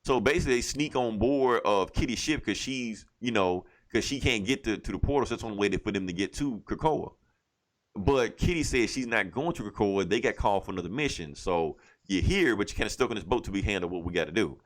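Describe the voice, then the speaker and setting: With a lowish voice, lively intonation, and a slightly fast pace, a man co-hosts a laid-back comic book review podcast. He animatedly walks through a comic's plot, performing characters' lines and cursing plenty.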